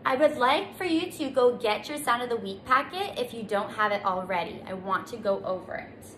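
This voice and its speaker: A woman teaching a children's circle time lesson in a gentle, sing-song way, stretching out letter sounds for little ones to repeat. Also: a little high, lively intonation, normal speed. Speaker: preschool teacher. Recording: echoey room, faint noise.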